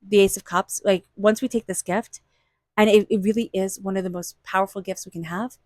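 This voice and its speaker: A woman's voice: medium pitch, fairly even intonation, fairly quick, darkish tone, dry recording. A woman giving a casual, reassuring tarot reading, repeating phrases for emphasis. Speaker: tarot reader.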